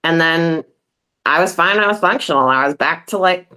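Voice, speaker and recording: A woman talking as a guest on a video call, speaking haltingly and often trailing off. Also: low-pitched, sharp tone, clear, resonant tone. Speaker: guest sharing her story. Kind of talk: emotional video call discussion.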